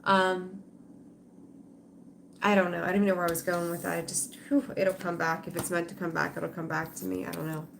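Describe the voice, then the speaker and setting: A woman's voice: lowish voice, level tone, brisk, gravelly, a little hiss or hum. A middle-aged woman hosting a tarot livestream, chatting with viewers in an emotional, rambling way full of fillers and restarts. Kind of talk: casual livestream chat with viewers.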